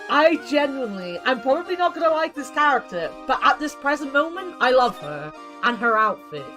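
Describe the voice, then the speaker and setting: A woman streamer chatting in a rambling, animated way as she plays. Her voice sits high and swings widely. Game music plays clearly underneath. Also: brisk. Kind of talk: casual game commentary.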